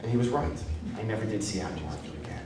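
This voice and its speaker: A man performing a one-man stand-up show, telling brash stories that swing between loud punchlines and quiet asides. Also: fairly low pitch, expressive, rapid-fire. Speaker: stand-up comedian. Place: stage in a theater. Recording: roomy, distant live stage recording with noise.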